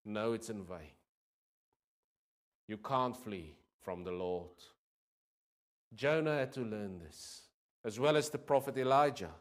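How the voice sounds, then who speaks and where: Slow, earnest male preacher. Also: on the low side. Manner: earnest, swelling then dropping on key phrases. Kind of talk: sermon.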